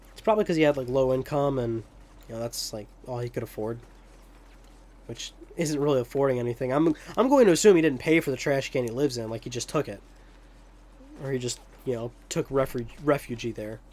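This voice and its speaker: A man's voice: medium pitch, darkish tone. A young man giving rambling, joking commentary over gameplay, with profane asides. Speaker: let's play commentator.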